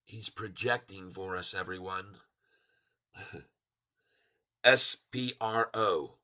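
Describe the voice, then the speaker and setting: A man hosting a casual livestream about stocks. He talks in an excitable, rambling way, with loud exclamations and restarts. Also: sits low, slow. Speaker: stock market vlogger and songwriter.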